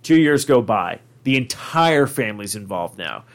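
A man's voice: fairly low pitch, lively intonation, moderate pace. A man hosting a podcast, telling a long comic story in a rambling way, full of fillers and casual swearing. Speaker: podcast host.

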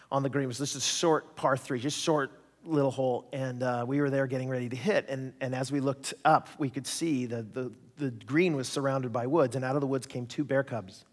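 A man preaching a sermon, telling stories in a lively, joking way and acting out voices. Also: mid-range voice. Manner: animated, jokey, acts out voices in stories. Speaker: pastor. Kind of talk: sermon with storytelling. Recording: long hall reverb.

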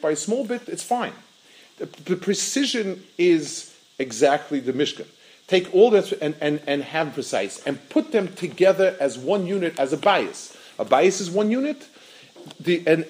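A man's voice: on the high side, poor audio. A man giving a Torah lecture, often repeating words as he searches for his phrasing and chanting Hebrew verses before translating them. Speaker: rabbi.

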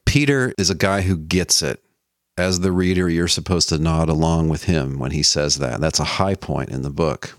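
A man with a low, deep voice lectures in an easy, conversational way. He walks the listener through a text and lifts his voice for quoted lines. The sound is close and dry, with no room around it. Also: moderate pace, dry recording. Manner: conversational teaching, quoting scripture with a lifted voice. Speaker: lecturer on the Bible. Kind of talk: explanatory lecture.

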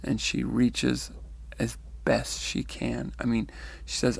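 Gravelly, husky man musing thoughtfully. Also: medium pitch, completely flat delivery. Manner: thoughtful, musing, with pauses and restarts. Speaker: commentator reading and discussing near-death accounts. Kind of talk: reflective spoken commentary with read-out quotes.

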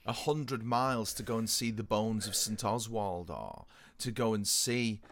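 A man's voice: lowish voice, lively intonation, a little slow. A man in casual chat, musing thoughtfully and recalling things he has heard or read.

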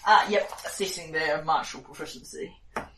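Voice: mid-range voice, brisk, a bit bright, a little hiss or hum. A player in a tabletop game, chatting agreeably and laughing easily. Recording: roomy sound, mic at a distance.

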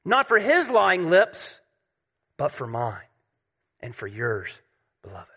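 Bright-voiced emphatic male preacher. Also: a little high, huge pitch swings, slow, slightly rough. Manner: emphatic, dropping to a hush at key points. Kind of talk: sermon.

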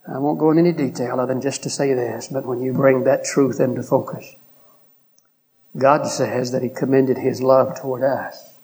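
A man, preaching a sermon with an earnest, pleading delivery and a hoarse throat. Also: mid-range voice, warm tone. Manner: earnest, pleading, drawn-out pauses.

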